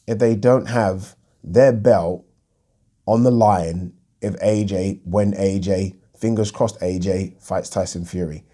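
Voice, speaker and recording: Male host, casual solo boxing commentary, low and warm delivery, blunt and chatty. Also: a little slow. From United Kingdom. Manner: chatty and blunt, thinking aloud with frequent ums.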